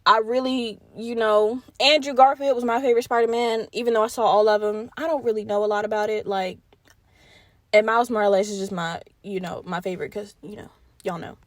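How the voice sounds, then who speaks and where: A woman's voice: medium pitch, steady tone, brisk, no room sound. A young woman hosting her own podcast, chatting casually and profanely, straight to her listeners. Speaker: podcast host. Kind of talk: casual solo chat.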